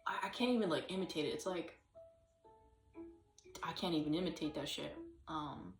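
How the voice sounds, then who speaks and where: A woman's voice: low voice, normal speed, roomy sound, far from the mic, soft background music. A woman chatting casually to camera, rambling with lots of fillers and hesitant restarts, now and then breaking into sung or acted snippets. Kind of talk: casual solo vlog chat.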